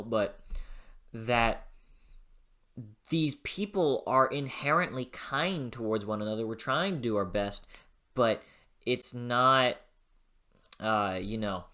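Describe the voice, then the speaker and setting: A bright, sharp-toned book reviewer talking casually on camera. The reviewer gushes with excitement, laughs often and swears freely, swinging between hushed thought and loud enthusiasm. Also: medium pitch.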